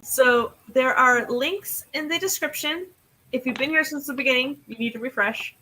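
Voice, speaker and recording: Woman stream host, bright and upbeat, slightly high voice, faint noise behind. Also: normal speed, rough recording. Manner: upbeat, laughs often, reads out chat comments. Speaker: host of a live writing stream. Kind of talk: casual group chat on a livestream.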